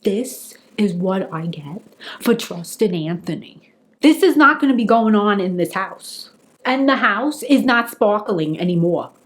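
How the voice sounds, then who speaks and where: A woman's voice: mid-range voice, animated, a little slow. A middle-aged woman with a New York accent tells an exasperated, profane comic rant straight to camera. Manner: indignant, exasperated, profane storytelling. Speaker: vlogger.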